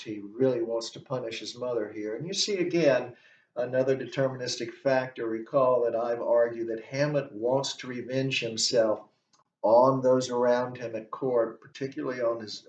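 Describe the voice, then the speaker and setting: Distant roomy male instructor lecturing. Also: mid-range voice. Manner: deliberate, explanatory, walks through the text line by line. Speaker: literature instructor. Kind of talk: recorded literature lecture. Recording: dull, distant, roomy recording.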